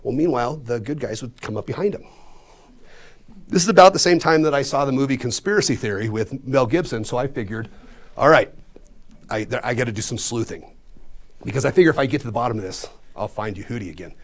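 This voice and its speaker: A man's voice: mid-range voice, fast. A man in his fifties from Colorado, a magician telling a funny personal story to a live audience in a room. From Colorado, USA. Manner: animated, self-mocking.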